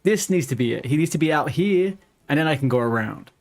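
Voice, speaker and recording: A man's voice: on the high side, lively intonation, fairly quick. Man muttering live game commentary. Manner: mutters to himself, swears when frustrated. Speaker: streamer.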